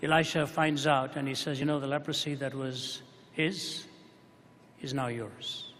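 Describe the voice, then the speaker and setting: A man preaching a sermon to a hall audience, telling stories with dramatic rises and hushed drops. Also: mid-range voice, fairly even intonation, unhurried, a little hiss or hum. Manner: dramatic storytelling, voice rising and dropping to a hush. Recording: long hall reverb.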